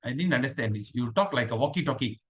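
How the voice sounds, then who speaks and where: A man leading an online devotional class over a video call, asking the class questions and chanting verses slowly. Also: mid-range voice, animated, husky. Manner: chatty, asks the class questions. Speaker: spiritual teacher.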